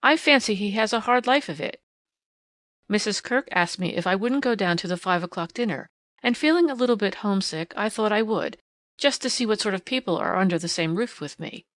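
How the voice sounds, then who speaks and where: A woman narrating an audiobook in first person with a measured, expressive reading. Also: mid-range voice, no echo.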